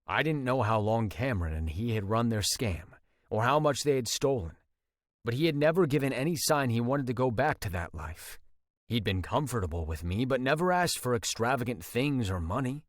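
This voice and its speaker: A man's voice: medium pitch, lively intonation, normal speed, no echo. Intense male audiobook narrator, dry sound. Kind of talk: first-person audiobook narration.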